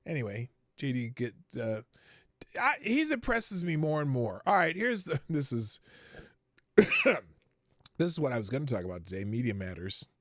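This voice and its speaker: A man hosting a casual political commentary show, talking in an animated way and jumping from topic to topic with plenty of fillers. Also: medium pitch, a little fast, dry recording, clean studio sound. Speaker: host.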